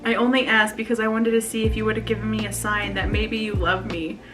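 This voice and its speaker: A woman's voice: medium pitch, flat delivery, a little fast, over music. A woman in her twenties chatting in a confessional vlog, emotional and laughing nervously as she reads her old journal aloud. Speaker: vlogger.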